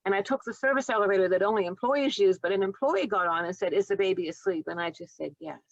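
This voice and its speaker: A woman in her seventies, a retired nurse telling heartfelt stories in an interview, earnest and gentle. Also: mid-range voice, expressive, fast, no echo, dull audio. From United States. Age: 70s. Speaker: guest, retired nurse and author. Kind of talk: reflective storytelling interview.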